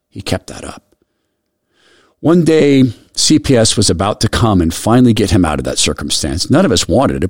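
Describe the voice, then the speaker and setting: A middle-aged male radio host with a low voice that swings widely in pitch. He talks earnestly, telling a personal story in a hushed, caring way. The sound is close and dry, with no room around it. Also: no room sound. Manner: earnest, soft storytelling that drops quiet when moved.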